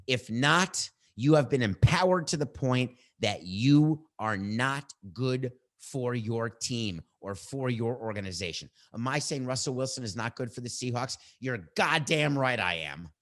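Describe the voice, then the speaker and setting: A middle-aged man hosting a sports podcast, giving his opinions in a combative, animated way and bantering with his producer. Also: mid-range voice, unhurried, few pauses.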